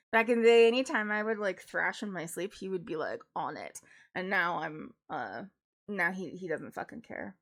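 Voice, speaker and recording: A woman's voice: fairly low pitch, expressive, moderate pace. A woman streaming from home, chatting casually with lots of "like" fillers and ready laughter. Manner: chatty, with frequent 'like' fillers; laughs readily while telling stories. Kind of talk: casual chat.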